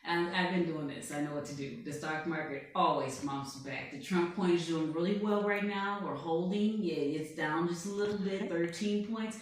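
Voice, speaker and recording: A woman's voice: on the low side, normal speed, few pauses, lightly acted. A woman doing a comedy impression of a boastful male president who rambles, brags and keeps tagging "okay?" onto his lines. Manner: bragging, rambling, repeats "okay?". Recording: echoey room, distant mic.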